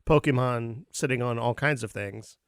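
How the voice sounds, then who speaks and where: A man co-hosting a podcast in casual chat, with a wry, deadpan humor. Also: medium pitch, normal speed, smooth, no echo, clean studio sound. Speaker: podcast co-host.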